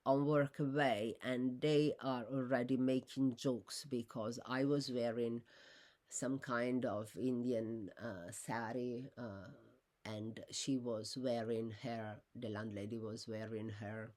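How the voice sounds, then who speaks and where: Low-voiced woman in a rambling vlog rant. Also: fairly even intonation, takes it slowly, a little mellow. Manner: rambling, with many fillers and restarts; rises sharply in pitch when indignant. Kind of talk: unscripted personal monologue.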